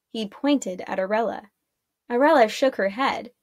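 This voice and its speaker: A teacher reading a children's chapter book aloud in a calm, clear storytelling manner. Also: female voice, medium pitch, moderate pace, no room sound, studio quality.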